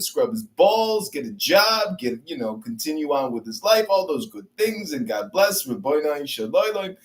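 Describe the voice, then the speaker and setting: A man with a high voice mocks the room in a live audio chat, sarcastic and condescending as he trolls. He talks through a phone mic.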